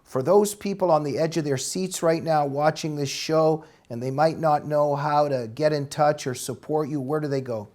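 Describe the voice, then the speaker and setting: Canadian male host, slightly higher pitch, effusive sign-off. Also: moderate pace, few pauses, a little mellow. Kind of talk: interview sign-off.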